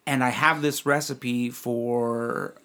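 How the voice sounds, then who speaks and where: A man's voice: medium pitch, fairly even intonation, slow pace, a bit bright. A man co-hosting a casual podcast, joking and telling long personal anecdotes as a parent of young kids. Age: adult parent of young children. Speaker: podcast co-host and client. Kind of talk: casual chat.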